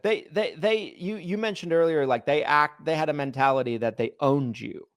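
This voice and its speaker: Animated man telling stories on a podcast. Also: fairly high pitch, moderate pace, no room sound, studio quality. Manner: animated storyteller, acts out quoted people. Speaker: podcast co-host. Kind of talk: casual podcast chat.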